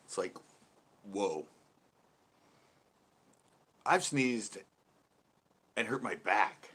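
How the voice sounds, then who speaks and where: This fishing channel host has a mid-range voice, animated yet unhurried, bright and forceful with a breathy edge. He wanders through long stories on a relaxed live stream, laughing often and reading out comments from viewers.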